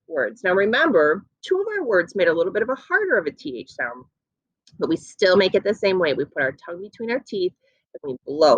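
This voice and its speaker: Woman, early-grades teacher, encouraging, sing-song pitch, muffled dead-room sound. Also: huge pitch swings, fairly bright tone, no room sound. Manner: encouraging, slow sound-stretching. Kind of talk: phonics lesson for young children.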